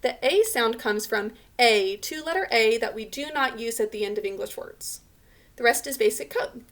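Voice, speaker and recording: Woman teacher, kinda high voice, sounds out spelling words slow and patient. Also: lively intonation, fairly bright tone. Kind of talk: remote spelling lesson for children.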